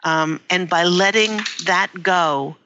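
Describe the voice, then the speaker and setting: A woman giving a live-streamed spiritual card reading, halting and emotional, with many fillers. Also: fairly low pitch, bright, forceful tone, lo-fi sound, slight background noise. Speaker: psychic reader. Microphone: livestream device mic.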